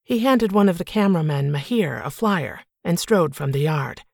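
Brief: woman narrator, low voice with a gravelly edge, dry booth sound. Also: expressive, no room sound. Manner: measured, reflective storytelling. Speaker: audiobook narrator. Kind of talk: first-person audiobook narration.

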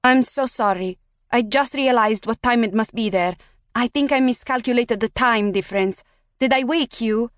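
A woman's voice: a little high, moderate pace, no echo, studio quality, voice pushed up, lightly acted. A woman voicing a polite, apologetic Italian woman caller with an Italian accent, speaking formally and carefully.

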